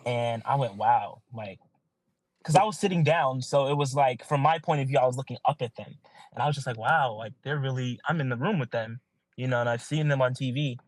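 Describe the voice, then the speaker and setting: A man's voice: medium pitch, a little fast, no room sound, low-quality recording. A young man, a guest actor, telling earnest stories in casual podcast chat, full of likes and you-knows. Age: young adult.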